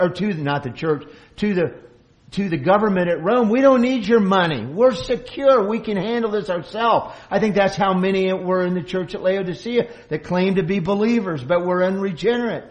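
Brief: male pastor, slightly higher voice, earnest sermon delivery with restarts. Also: low-quality recording. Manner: earnest, restarts phrases, acts out quoted boasts loudly. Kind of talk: expository sermon.

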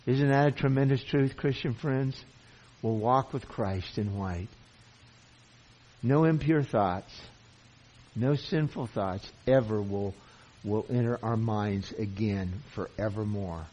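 A man's voice: on the low side, takes it slowly, darkish tone. A man preaching a sermon, earnest and emphatic, who often repeats himself as he presses a point. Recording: dull lo-fi sound.

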